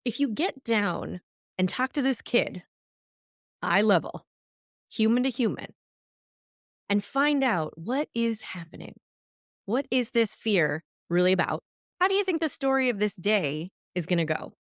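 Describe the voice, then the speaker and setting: A woman hosting a solo podcast, teaching in an animated way and acting out the voices she quotes. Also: on the high side, normal speed, dry recording, clean studio sound. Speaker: podcast host.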